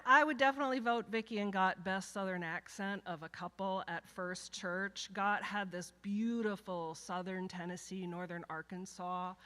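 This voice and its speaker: An older woman, a retired minister, giving a conversational, gently humorous eulogy at a memorial service in a church. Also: on the low side. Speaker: minister emerita. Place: church sanctuary.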